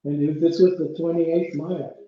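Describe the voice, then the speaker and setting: A man's voice: on the high side, little pitch movement, moderate pace. A man in his seventies telling a story in an interview, rambling with restarts and chuckling now and then. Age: 70s. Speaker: interview guest, trail runner. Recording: very echoey room, dull lo-fi sound.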